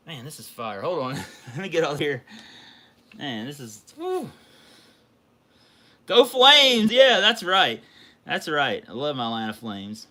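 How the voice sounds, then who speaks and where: Excitable man, bright voice. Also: on the high side. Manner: excitable, gushing, exclamatory. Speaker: card collecting livestream host. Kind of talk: casual livestream chat while opening a package.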